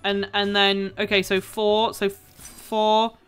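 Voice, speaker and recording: A woman giving casual, excitable commentary as she plays a video game at home, laughing and swearing as she goes. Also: mid-range voice, slow, soft background music. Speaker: gaming video creator.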